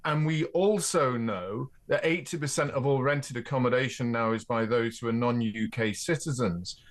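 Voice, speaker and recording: A man's voice: medium pitch, moderate pace. An Englishman as a radio guest, explaining his case firmly and citing figures. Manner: firm, explanatory, cites figures. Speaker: studio guest, commentator. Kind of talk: talk radio discussion.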